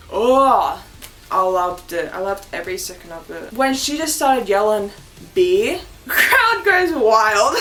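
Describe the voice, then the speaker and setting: A young Australian woman vlogging in a casual, excitable way, laughing often and swearing casually. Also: mid-range voice. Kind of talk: casual chat.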